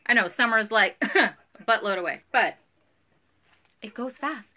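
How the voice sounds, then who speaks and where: Woman, 30s, bubbly live seller; bright, lively, slightly high voice. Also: unhurried, long pauses, a little hiss or hum. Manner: bubbly, chatty, giggly, uses y'all. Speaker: live online clothing seller. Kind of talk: live sales stream chat.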